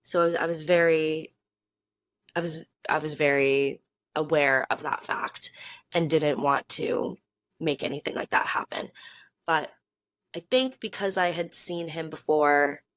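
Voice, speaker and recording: A young woman with a low-pitched voice tells a story to camera in a casual vlog. She is chatty and animated, laughing often and correcting herself as she talks. The sound is dry and close, with no room echo. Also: unhurried. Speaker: vlogger.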